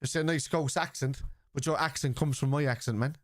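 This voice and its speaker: Blunt swearing streamer, dry close mic. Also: male voice, mid-range voice, brisk, no echo. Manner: blunt and argumentative, swears freely. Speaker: football watchalong streamer. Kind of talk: casual live-stream chat, answering viewers.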